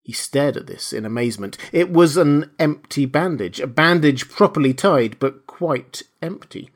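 A man narrating a classic novel aloud, measured and letting his voice fall quietly at the end of each phrase. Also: a little high, lively intonation. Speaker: audiobook narrator. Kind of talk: scripted narration.

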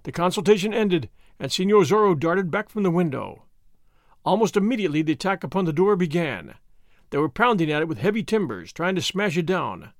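A male host reads a classic novel aloud in a measured, expressive storytelling manner. His voice sits fairly high and rises and falls lively. The recording is close and dry. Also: no echo. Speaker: host and audiobook reader. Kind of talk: audiobook narration.

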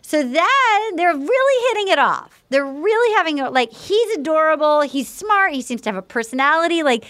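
Lively high-voiced woman host. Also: normal speed, few pauses. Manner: animated, quotes others in acted voices. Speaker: podcast host. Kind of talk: casual recap chat.

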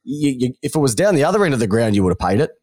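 An Australian podcast co-host speaks rapid-fire at medium pitch, bantering about football. His casual sports talk is blunt and mocking, delivered as an animated rant.

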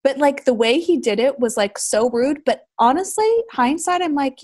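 A woman in her thirties chatting casually as a guest about her business, a bubbly, lively storyteller who says "like" a lot. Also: sits high, normal speed, few pauses. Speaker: guest, cheese shop owner. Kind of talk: casual chat.

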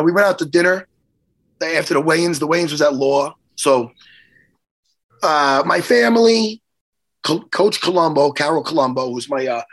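A middle-aged man, hoarse from losing his voice, telling a story in casual, profane chat and acting out quotes. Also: a little high. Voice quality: hoarse, worn voice. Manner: animated, profane, acts out quotes. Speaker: podcast host.

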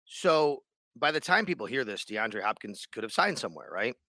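A man's voice: mid-range voice, big pitch swings, normal speed, pushed and bright, no echo, studio quality. A man co-hosting a sports podcast in casual chat, rambling and restarting his sentences. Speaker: radio sports show co-host.

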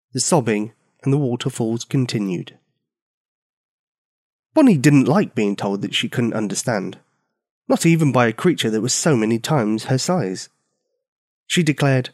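Lively male storyteller. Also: mid-range voice, measured pace, long pauses, no room sound, clean studio sound. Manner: expressive, varied pacing. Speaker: narrator. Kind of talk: children's storytelling.

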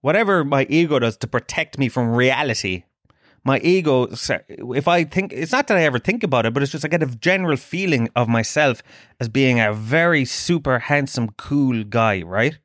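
A man's voice: mid-range voice, lively intonation, normal speed, fairly bright tone, dry recording, clean studio sound. A middle-aged Irish man from Dublin hosting a podcast, telling self-mocking comic stories full of swearing. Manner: sweary, self-mocking storytelling with put-on voices. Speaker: podcast host. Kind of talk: comic monologue.

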